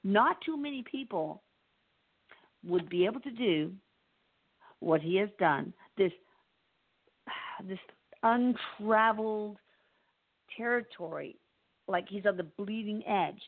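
A woman's voice: medium pitch, expressive, takes it slowly, pauses often, no room sound. A woman hosting a show, introducing her guest in a gushing, chatty and playful way. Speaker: show host. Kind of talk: enthusiastic casual introduction. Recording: dry, tinny phone-like line.

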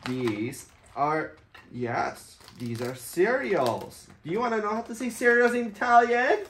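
A woman, a parent, teaching young children Italian words in a hotel room, saying each word slowly and repeating it. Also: medium pitch, expressive, fairly bright tone, roomy sound, slight background noise. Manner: slow, drawn-out repetition of each word. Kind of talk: children's vocabulary lesson.

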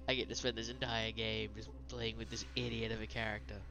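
A man's voice: on the low side, level tone, brisk, creaky. A man giving casual, self-mocking commentary while playing a video game, swearing and laughing often. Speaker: gaming let's-player.

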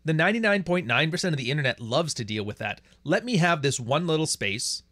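Fast and sing-song, this man's slightly high, fairly bright voice comes through a dry, clean studio recording. He runs a livestream full of blunt, crude, profane ranting and reads viewer chats aloud.

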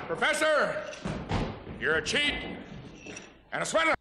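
An angry gravelly townsman. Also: extremely high pitch, sing-song, a little slow, over loud music, exaggerated voice. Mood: accusing. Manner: shouted accusation. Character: angry male townsman accusing a swindler. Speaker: live-action game character. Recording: echoey hall-like game audio.

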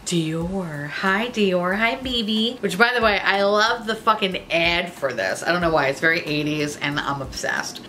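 A young woman reviewing makeup in a casual vlog, excitable and profane, gushing over products. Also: fairly low pitch, unhurried, a little hiss or hum. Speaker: beauty YouTuber.

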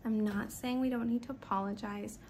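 A woman's voice: fairly high pitch, a little fast, slight background noise. A woman talking candidly as a wellness coach, giving advice in a casual monologue and acting out the voices of others. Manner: candid, animated, acts out quoted apologies.

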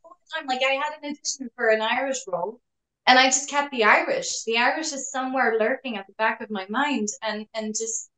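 A woman guest with a fairly high voice chats in a lively, storytelling way, dropping French words into her English and laughing a lot. The room around her rings with a roomy echo. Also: brisk. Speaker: actress guest. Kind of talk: casual interview chat.

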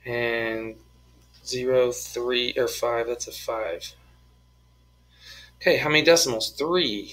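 A man's voice: mid-range voice, pushed and bright, low-quality recording. A man teaching a math lesson, talking through each step of the problems in a playful, joking way. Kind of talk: screen-recorded math lesson, working problems aloud.

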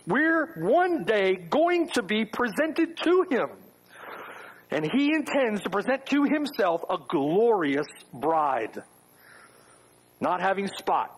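A man's voice: high-pitched, slightly rough, low-quality recording. A man preaching a sermon to his congregation, firing off rhetorical questions with wry asides. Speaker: pastor. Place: church.

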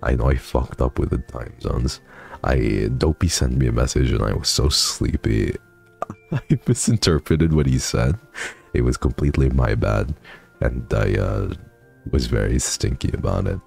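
A man's voice: very deep voice, expressive, moderate pace, vocal fry, a little mellow, slightly rough, faint music behind. A man streaming from home, chatting casually and thanking viewers, sleepy and swearing freely. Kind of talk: casual chat reading donations.

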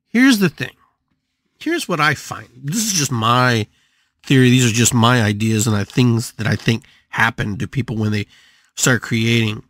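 An older man hosting a live podcast, talking through a monologue in an animated way, repeating phrases and swinging his pitch widely. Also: dry recording. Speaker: podcast host and shamanic healer.

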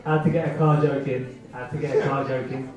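A man's voice: mid-range voice, level tone, brisk, far from the mic, a loud crowd. A man doing a rambling, self-mocking stand-up set at an open mic night, acting out the voices in his head. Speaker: stand-up comedian. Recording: echoey, muffled amateur club recording from afar.

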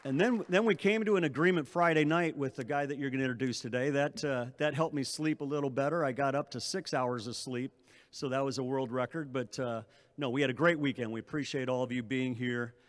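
A man's voice: medium pitch, fairly quick. A middle-aged man, an athletic director, speaking at a press conference, giving long thank-yous with frequent restarts and fillers.

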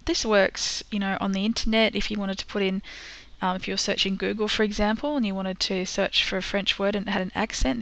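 A woman teaching a screen-recorded software tutorial, patient and step by step, with frequent ums. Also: mid-range voice, dry recording.

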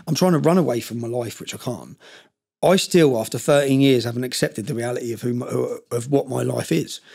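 A man's voice: medium pitch, gravelly, darkish tone. A middle-aged man, intensely telling his life story as a podcast guest, rambling with many restarts. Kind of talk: emotional personal storytelling.

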